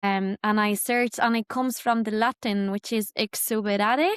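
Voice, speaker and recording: A woman's voice: mid-range voice, steady tone, normal speed, smooth, dry recording, clean studio sound. A woman podcast host with a Spanish accent, asking questions in a curious, conversational way. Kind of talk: podcast interview.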